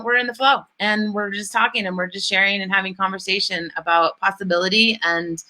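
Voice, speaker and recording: Woman host, bright tone, chatty and enthusiastic, casual talk. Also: mid-range voice. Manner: chatty, many fillers, enthusiastic. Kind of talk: casual spiritual-business chat.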